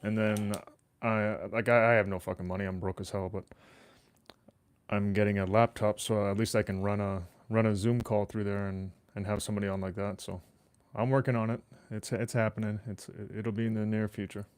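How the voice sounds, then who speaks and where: Low-voiced guy hosting a home podcast, loose and profane, dry close mic. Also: little pitch movement, a little fast, clear, resonant tone, dry recording. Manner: rambling, swears freely, talks to chat. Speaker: podcast host. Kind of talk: casual solo livestream chat. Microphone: desk microphone.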